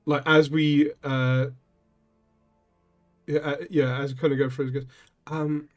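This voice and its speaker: A man's voice: a little high, level tone, a little slow, long pauses, faint music behind. A man playing a tabletop role-playing game, polite and hesitant, with many fillers. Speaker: player. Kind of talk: tabletop role-play in character.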